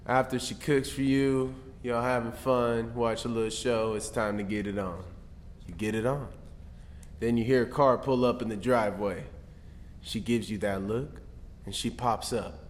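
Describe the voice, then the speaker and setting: A man on a podcast calmly laying out a hypothetical situation in a relaxed, casual way. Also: moderate pace. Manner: sets up a hypothetical, low-key. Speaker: podcast host. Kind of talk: casual chat. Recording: long reverb with faint rumble.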